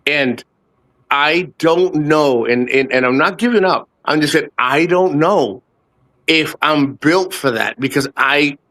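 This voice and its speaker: A man's voice: on the high side, takes it slowly, a bit bright. A man in his fifties from the United States, a guest on a casual live chat, talks in a rambling, profane way and often repeats himself. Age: 50s.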